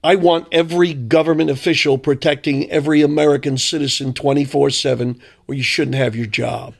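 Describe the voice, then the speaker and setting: Male commentator, gravelly and mocking, ranting solo. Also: on the high side, steady tone, fairly quick. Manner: angry, sarcastic, mocking.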